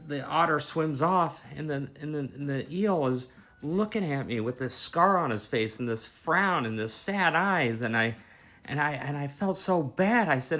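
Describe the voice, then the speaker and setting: A man's voice: mid-range voice, a bit bright. A man casually recounting a dream, rambling and repeating himself as he goes. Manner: rambling, repeats himself, grows more agitated as the story goes on. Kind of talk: casual storytelling.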